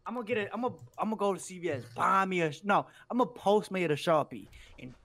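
High-voiced, crude young male co-host. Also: very fast, fairly bright tone. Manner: crude, boisterous, slangy trash talk. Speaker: podcast co-host. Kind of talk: casual chat.

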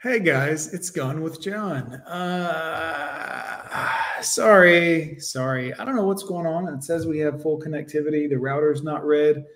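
A man hosts a live stream, commenting on a video as it plays. His voice sits a little high, and he is blunt and sarcastic as he speaks to his chat. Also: a little slow, fairly bright tone. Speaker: streamer host.

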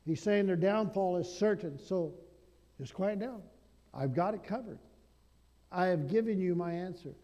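A man's voice: sits high, unhurried, highs cut off. Emphatic male preacher in a reverberant hall. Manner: emphatic preaching, swings between loud declarations and hushed asides. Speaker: pastor. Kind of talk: sermon.

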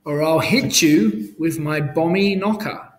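Guy doing a bossy hungry storybook giant, slow and kinda high, making threats. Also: natural voice. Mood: demanding. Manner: demanding, threatening.

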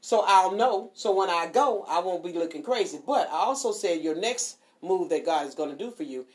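A woman's voice: fairly low pitch, expressive, normal speed. Sassy, laughing woman radio host. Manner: sassy, laughing, preachy asides. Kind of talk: casual radio chat.

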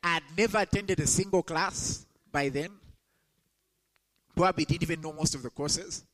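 A young adult man preaching a sermon to students, rising sharply in pitch when he quotes scripture. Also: moderate pace, a bit bright, rough recording. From Zambia. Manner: emphatic, rises sharply when quoting scripture.

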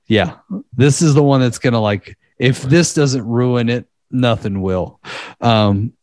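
A man co-hosting a podcast, rambling casually and swearing as he tells a dark story. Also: medium pitch, slow pace, no echo, studio quality. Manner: rambling, profane, laughing at dark material. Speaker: podcast co-host.

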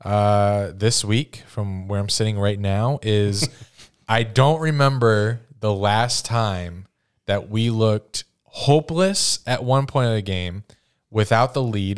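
A man's voice: lowish voice, smooth. A man co-hosting a fan sports podcast, rambling and correcting himself with a joking tone. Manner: rambling, self-correcting, jokey. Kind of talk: casual sports chat.

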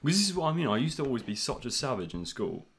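A man's voice: medium pitch, very animated, racing, slightly rough. A young man, a podcast guest talking about his school days in casual, easygoing chat, swearing and laughing along.

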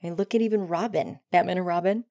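A woman hosting a solo podcast, talking earnestly and often dropping into soft near-whispers. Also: lowish voice, quick pace, creaky, no echo, studio quality. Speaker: podcast host.

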